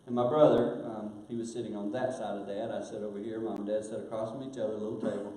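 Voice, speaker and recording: A man's voice: lowish voice, flat delivery, fast. Older man preaching in an echoey church. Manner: earnest, drops to hushed tones at painful moments. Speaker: guest speaker. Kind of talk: sermon storytelling. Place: church auditorium. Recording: very echoey church hall, faint hiss.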